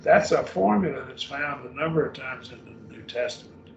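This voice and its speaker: An older man preaches in a loose, folksy, rambling manner, his voice rough with gravel. He is recorded from across an echoey church room. The sound is dull and muffled, with faint room ambience behind it. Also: mid-range voice, lively intonation, moderate pace, distant mic, slight background noise. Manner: rambling, folksy, explains Greek word order. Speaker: preacher teaching a Bible class. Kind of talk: unscripted Bible lesson.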